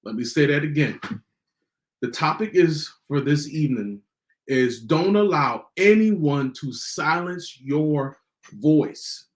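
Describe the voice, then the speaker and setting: A man hosting a motivational podcast, repeating his key lines slowly for emphasis. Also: fairly high pitch, roomy sound. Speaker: podcast host.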